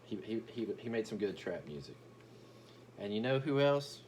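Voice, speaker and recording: Profane, brash man with a very low voice. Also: very animated, moderate pace, a little mellow, slight background noise. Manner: brash, profane, boastful rant with stammered restarts. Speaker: comedic commentary vlogger. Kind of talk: ranting comedic commentary.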